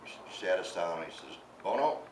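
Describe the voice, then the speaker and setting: A man's voice: deep voice, fairly even intonation, very fast. A man in his eighties, an author telling chatty anecdotes to an audience at a book event and laughing through his own story. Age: 80s. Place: event hall. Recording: echoey room, distant mic, background noise.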